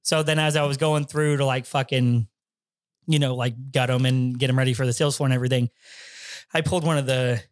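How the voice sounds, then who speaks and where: A man's voice: medium pitch, fairly even intonation, brisk. A young man co-hosting a podcast, telling a rambling story in casual chat, swearing often and acting out his own reactions. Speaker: podcast co-host and editor.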